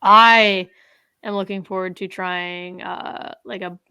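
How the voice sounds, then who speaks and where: Young woman podcast host, bright chatty tone, dry close sound. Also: mid-range voice, slow, clean tone, no room sound. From Canada. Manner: chatty, laughing, animated. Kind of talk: casual chat among friends.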